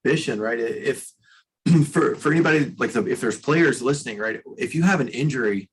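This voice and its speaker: A man with a husky, slightly rough voice explains training as a podcast guest. He is blunt and emphatic and swears casually. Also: medium pitch, fairly quick, low-quality recording. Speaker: strength coach, guest. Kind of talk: podcast interview.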